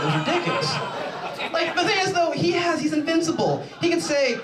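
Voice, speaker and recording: A young adult man doing a rambling, animated stand-up comedy set on a stage. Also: extremely high pitch, brisk, a crowd in the background. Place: show stage in a large room. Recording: echoey room, mic from far off.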